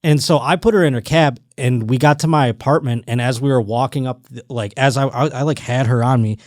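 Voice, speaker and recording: A man hosting a podcast, telling a rambling, animated story in casual chat. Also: medium pitch, fairly quick, no echo, clean studio sound. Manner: rambling, animated storytelling with restarts and quoted voices. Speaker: podcast host.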